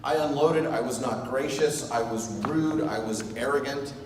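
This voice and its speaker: A man giving a comedic wedding speech as the groom, telling a self-mocking story with lively energy. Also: medium pitch, normal speed. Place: large reception hall. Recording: echoey hall, voice from far off, audible room noise.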